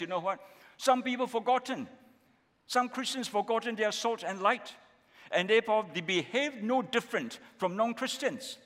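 A pastor with a Malaysian English accent preaches a sermon in a church hall, repeatedly checking in with the congregation through rhetorical questions. His voice sits high and sounds a bit bright. Long hall reverb fills the recording.

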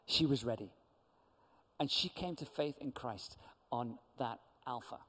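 A man's voice: mid-range voice, unhurried, slightly rough, long reverb tail. A man telling a testimony story in a church talk, animatedly acting out what people said. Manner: lively storyteller who acts out quoted voices. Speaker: church speaker.

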